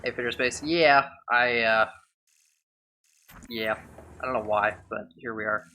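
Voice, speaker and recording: A man's voice: medium pitch, fairly even intonation, unhurried, pushed and bright. A man giving casual gameplay commentary during a speedrun, chatty, sarcastic and rambling.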